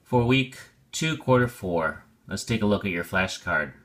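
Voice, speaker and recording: Low-voiced man teaching a vocabulary word. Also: lively intonation, a bit bright. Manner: patient, explains slowly with examples. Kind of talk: vocabulary lesson.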